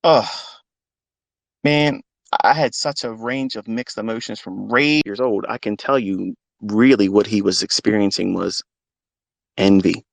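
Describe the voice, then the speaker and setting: A man's voice: fairly low pitch, unhurried, vocal fry, dry recording. A middle-aged man with a blunt, profane way of talking, speaking candidly as host of a live audio chat. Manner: blunt and profane, swings between quiet and loud emphasis. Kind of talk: candid casual talk.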